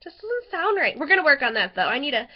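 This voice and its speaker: High-pitched young woman rambling to her webcam, giggly, lots of ums, kinda dull lo-fi sound. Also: very animated, quick pace. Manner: chatty, giggly, rambling with fillers. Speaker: vlogger. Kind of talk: casual chat to camera.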